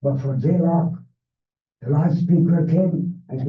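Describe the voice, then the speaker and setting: An older man with a Hungarian accent tells his story at an unhurried, measured pace, his English carrying the turns of a native Hungarian speaker. His voice sits a touch high for a man. It comes from a distance in a reverberant room, thin and narrow like a phone line. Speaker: Holocaust survivor speaker. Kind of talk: personal testimony talk. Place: library event room.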